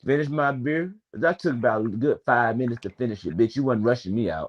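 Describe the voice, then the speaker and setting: A man in his late twenties tells a story in a loose, casual way, his voice sitting at an ordinary middle pitch. He is wordy and digressive and swears freely as he goes. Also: brisk, dull audio. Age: 20s. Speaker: panel speaker.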